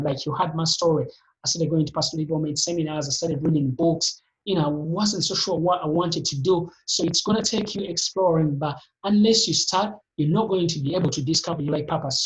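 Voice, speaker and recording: Motivational speaker, live online session, emphatic, repetitive, sudden pitch jumps, video-call audio. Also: low-quality recording.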